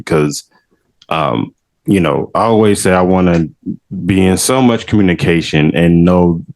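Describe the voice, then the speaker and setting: A man's voice: sits low, poor audio. A man hosting a casual podcast chat, laid-back and joking, who laughs easily and talks in casual slang. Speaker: podcast host.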